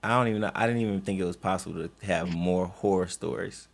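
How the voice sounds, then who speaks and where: A man's voice: deep voice, fast, gravelly. A man hosting a podcast, bantering loosely and laughing often with his co-hosts. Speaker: podcast host. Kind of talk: casual banter.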